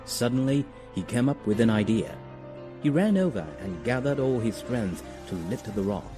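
Guy reading a kids story, lively up and down voice, music playing under. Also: medium pitch, normal speed. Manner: expressive, storytelling. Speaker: narrator. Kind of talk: storybook narration. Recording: music behind.

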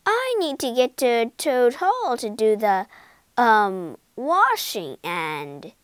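A woman's voice: on the high side, sing-song, slow, smooth, dry recording. A woman voicing a vain, boastful male toad who blusters pompously, in a storybook reading. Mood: doubtful.

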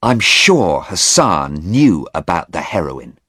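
A man voicing an agitated young man, talking in a high, strained, hurried way in an audiobook. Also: very animated, bright, forceful tone, breathy edge, no echo, clean studio sound, exaggerated voice. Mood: insistent.

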